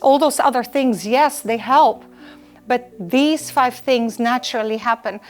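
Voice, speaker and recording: A woman's voice: a little high, unhurried. A woman delivers a live lecture to students in a slightly raised voice. She is earnest and insistent and comes back to the same point again and again. Faint music sits in the background. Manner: earnest, emphatic, repeats key points. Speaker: lecturer on personal well-being.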